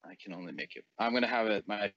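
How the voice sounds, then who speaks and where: A man's voice: on the low side, fast, a bit bright, dry recording, dull audio. A man playing in a tabletop game, chatting casually in short, offhand replies. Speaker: player.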